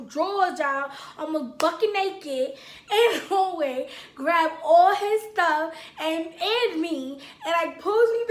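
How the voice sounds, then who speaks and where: A woman's voice: extremely high pitch, echoey room. A young woman telling a casual storytime to her viewers, acting out both sides of a quarrel. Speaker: vlogger.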